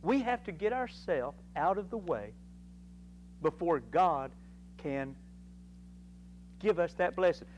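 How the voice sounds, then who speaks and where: In a church Sunday school class, a man reads scripture and then riffs on it in a folksy, animated Bible lesson. His voice is a little high for a man, and he goes slowly with long pauses. The audio is poor, with a faint hum beneath it.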